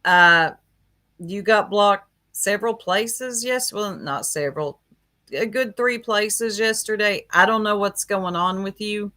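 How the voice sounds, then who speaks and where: Slow, bright-voiced gossipy woman streamer. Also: mid-range voice. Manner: chatty, gossipy, laughs often, greets viewers by name. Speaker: livestream host. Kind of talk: casual livestream chat.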